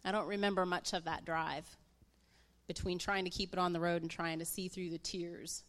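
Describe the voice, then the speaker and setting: A guest speaker, a woman in her thirties with a slightly low and somewhat bright voice, gives her personal testimony to a church audience. Her delivery is flat and moderately paced, yet she speaks candidly with emotion close to the surface.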